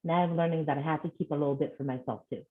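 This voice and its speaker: A woman's voice: low-pitched, steady tone, very fast. A woman from Scotland, a guest author, talking in an earnest, reflective way in a casual interview. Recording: tinny phone-like line.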